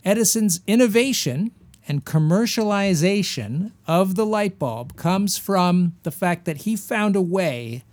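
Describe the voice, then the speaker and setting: Rambling man, slightly high voice. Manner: rambling, absurd deadpan jokes. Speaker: comedian podcast co-host. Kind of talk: casual comedic chat.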